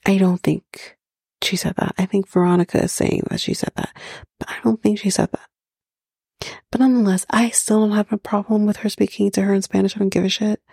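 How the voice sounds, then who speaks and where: A woman's voice: medium pitch, steady tone, a little fast, gravelly, darkish tone, slightly rough, no room sound, clean studio sound. A woman hosting a podcast, recapping a reality show in a blunt, chatty way with plenty of swearing. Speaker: podcast host.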